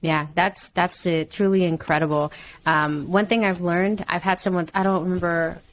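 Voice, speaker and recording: A woman's voice: fairly low pitch, steady tone, moderate pace, a little hiss or hum. A woman hosting a conversational interview who affirms her guest often with short responses. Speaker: podcast host.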